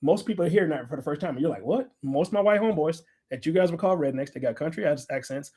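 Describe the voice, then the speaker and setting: A man's voice: fairly high pitch, lively intonation, fast, warm tone, husky. A middle-aged man from the United States talking bluntly and profanely to a live audience, rambling and swearing constantly. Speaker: speaker addressing a live audience. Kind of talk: profane, loose talk to a room.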